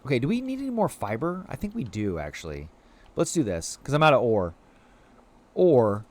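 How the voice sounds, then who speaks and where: Lively, chatty man streaming a game. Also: medium pitch, moderate pace. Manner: animated, rambling, heavy "like" fillers; coos playfully at game creatures. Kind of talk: live gameplay stream chat.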